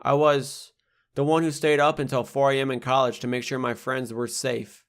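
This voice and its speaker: A young man voices his own poetry audiobook in a middle pitch, moving at a moderate, smooth pace. His reading follows a steady hip-hop cadence, punching the rhymes and cursing plainly with no apology.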